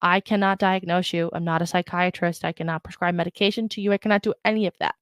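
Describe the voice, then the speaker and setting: A woman's voice: lowish voice, fairly even intonation, fast talker, clean tone, dry recording. A woman hosting her own podcast in a chatty, emphatic style, often breaking off and restarting her thoughts, speaking close to a podcast mic. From Ireland. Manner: chatty, emphatic, self-interrupting. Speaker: podcast host. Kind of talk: casual solo podcast talk with reading aloud.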